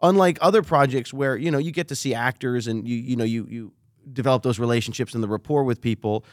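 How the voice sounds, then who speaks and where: A man's voice: medium pitch, fast, dry recording, clean studio sound. A young man co-hosting a casual podcast, rambling and joking with his brothers. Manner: rambling, restarts, jokey. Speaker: podcast co-host, actor. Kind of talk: casual chat among brothers.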